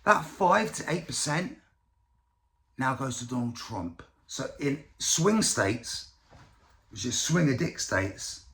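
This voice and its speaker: A man's voice: medium pitch, fairly bright tone. A man from the UK giving casual, profane, rambling political commentary as a vlogger. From United Kingdom.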